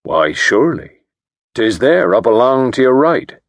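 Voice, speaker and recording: A man voicing a sly, curious old ferryman with a soft West Country accent and a rural drawl, in an audiobook. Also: mid-range voice, big pitch swings, unhurried, no echo, voice pushed up. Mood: folksy.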